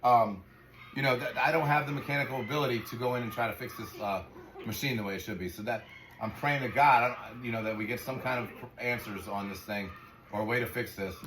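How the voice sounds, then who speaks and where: A man's voice: medium pitch, fast. A man running a dog sanctuary, ranting in frustration and swearing freely as he talks casually to camera. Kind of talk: casual vlog talk to camera. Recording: echoey room with faint noise.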